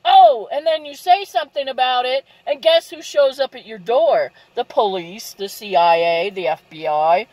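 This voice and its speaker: A woman's voice: on the high side, normal speed, few pauses, a little mellow, dry recording, rough recording. A woman ranting angrily straight to her audience, indignant, asking rhetorical questions and repeating "okay?". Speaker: vlogger. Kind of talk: angry direct-to-camera rant.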